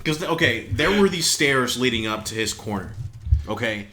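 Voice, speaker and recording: A man's voice: medium pitch, lively intonation, normal speed, pushed and bright. A laid-back man co-hosts a casual podcast, using easy slang and leading the talk with questions. A faint hiss sits under his voice. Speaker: podcast co-host.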